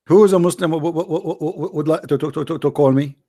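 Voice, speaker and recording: A man hosts a live call-in debate. His voice sits fairly high, and he mocks freely, tripping over repeated words as he goes. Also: fast talker, dark tone. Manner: mocking, stammers often. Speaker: live debate show host.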